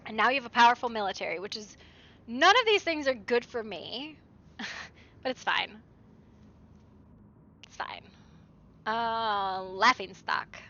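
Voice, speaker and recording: A woman's voice: fairly high pitch, expressive, measured pace, pauses often, sharp tone, lo-fi sound. A young woman streaming a game, chatting casually, swearing and reading game text aloud. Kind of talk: game live stream commentary.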